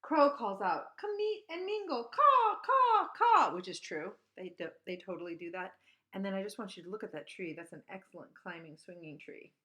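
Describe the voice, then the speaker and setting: A woman teaching at an outdoor school, reading a bird picture book aloud and chatting about the birds, breaking into high bird calls and hushed whispers. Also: fairly quick. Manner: shifts to hushed whisper for quiet parts.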